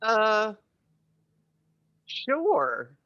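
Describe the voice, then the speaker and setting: A woman's voice: a little high, wildly swooping pitch, drawn-out words, a bit bright, highs cut off. A young woman playing in a tabletop game, laid-back with short replies. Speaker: player. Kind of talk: casual tabletop role-play.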